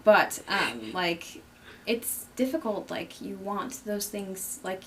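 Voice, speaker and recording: A young woman joins a casual group conversation, rambling through her points and cracking jokes. Her voice sits at a medium pitch. Faint hiss lies under the recording. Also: very animated, slow, a bit bright, poor audio. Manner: joking, rambling.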